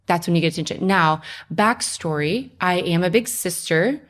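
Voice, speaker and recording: A young woman, a podcast guest, telling her personal story in a lively, conversational way. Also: lowish voice, moderate pace. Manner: animated storytelling, acts out her own past voice.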